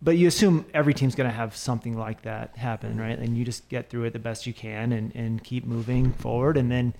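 Male interview host, mid pitch, supportive, meandering questions. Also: fairly even intonation, a little fast, creaky, mellow. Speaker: podcast host. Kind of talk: casual interview.

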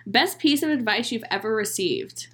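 A woman's voice: fairly high pitch, expressive, moderate pace, a bit bright. Giggly young woman co-hosting a podcast. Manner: bubbly, giggly, reads questions aloud. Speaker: podcast co-host. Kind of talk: casual chat.

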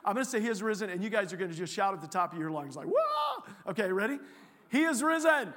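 A man giving a sermon as a guest preacher in a church, joking and animated, often restarting his sentences. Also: high voice, rapid-fire, long reverb tail. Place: church sanctuary.

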